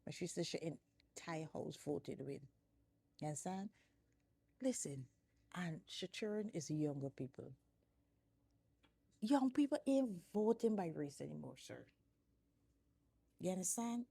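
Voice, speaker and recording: A woman's voice: deep voice, creaky, dark tone, slightly rough, dry recording. A woman with a Guyanese accent hosting her own vlog, giving casual political commentary in an emphatic way, repeating rhetorical questions and often chuckling. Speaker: show host.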